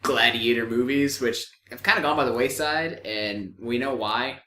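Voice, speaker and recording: Male co-host, easy laughter, dry remarks, bright lively voice, echoey room. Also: medium pitch, normal speed. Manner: laughs often, dry agreeing quips. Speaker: podcast co-host. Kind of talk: casual movie review chat.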